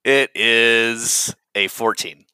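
Giggly man with a bright voice. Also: mid-range voice, drawn-out words, smooth, no echo, low-quality recording. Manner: giggly, laughs often. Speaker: player. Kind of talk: tabletop game play.

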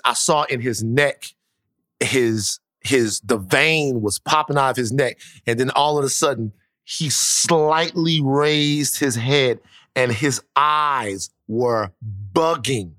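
A man with a bright, forceful voice telling a long story in casual conversation. He talks in an animated and profane way, often restarting his sentences. The sound is dry and close. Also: medium pitch, no room sound.

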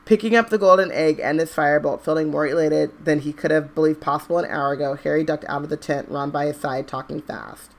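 A podcast co-host reading narration and dialogue from a novel in an even, steady voice, with wry remarks between passages. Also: medium pitch, fast, vocal fry, hardly any pauses. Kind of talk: casual book discussion and read-aloud.

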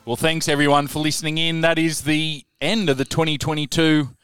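A man's voice: a little high, level tone, a little fast, a bit bright, clean tone, dry recording, faint music behind. A man hosting a casual podcast and wrapping up the season. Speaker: podcast host.

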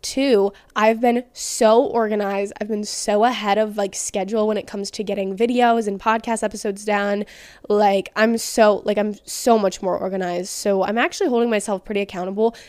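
A woman's voice: mid-range voice, fairly even intonation, moderate pace, darkish tone, no room sound. A young woman hosting a casual solo podcast, talking candidly with lots of "like" fillers. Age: young adult. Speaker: podcast host.

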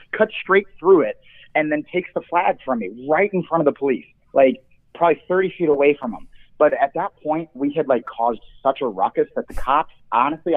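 A young man calling in to a talk show, telling a story in a casual, animated way with swearing and laughs. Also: medium pitch. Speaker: caller. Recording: tinny phone line.

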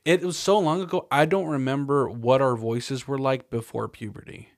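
Young male co-host, mid-pitched voice, dry close sound, easygoing and hesitant. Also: steady tone, moderate pace, dry recording. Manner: conversational, hesitant, many fillers and restarts. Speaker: podcast co-host. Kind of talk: casual chat.

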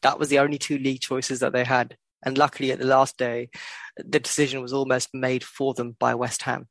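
A man's voice: medium pitch, monotone, a little fast, dry recording. A man co-hosting a podcast, talking football in a blunt, sweary way and laughing often. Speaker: podcast co-host. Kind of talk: casual football chat.

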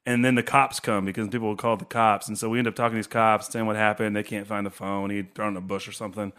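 A man who is a podcast guest, telling stories in a casual, animated way and acting out quotes. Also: on the low side, fast talker, smooth. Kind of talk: casual chat.

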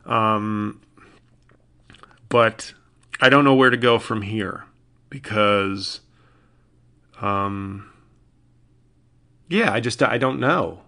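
A man's voice: fairly low pitch, extremely slow, long pauses, sharp tone. A man, a comedian, talking alone in a rambling, exasperated way, restarting sentences often. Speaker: podcast host and comedian. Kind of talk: casual solo monologue.

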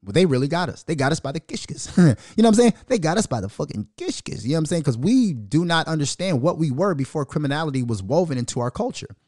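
A man hosting a podcast in a heated, profane rant, his voice swinging widely up and down as he pushes his points. He sits a little higher than most men, and the sound is dry and close with no room around it. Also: very animated, fast, few pauses, a little mellow, no room sound. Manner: aggressive, profane and venomous. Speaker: podcast host.

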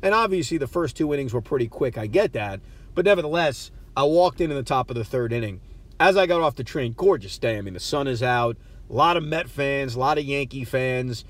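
A man with a medium-pitched voice hosts a podcast from a parked car, talking a little fast and with plenty of animation. He tells his story loosely, making fun of himself and often tripping over words before restarting.

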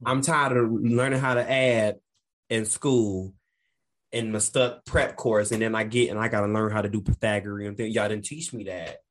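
A man co-hosting a casual podcast, playful and quick to laugh. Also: fairly low pitch. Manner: animated, playful, laughing often. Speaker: podcast co-host.

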